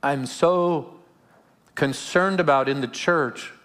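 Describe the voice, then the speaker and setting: At a church service before a congregation, a pastor delivers a live sermon slowly in a slightly high, fairly bright voice, raised a little. His earnest, searching style often circles a repeated word before the point lands, and light jokes break it up.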